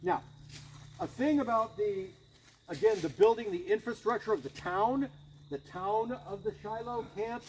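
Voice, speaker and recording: A man's voice: sits high, lively intonation, a little slow, slight background noise, low-quality recording. A man leading a guided battlefield tour outdoors, telling it casually with chuckles and frequent restarts.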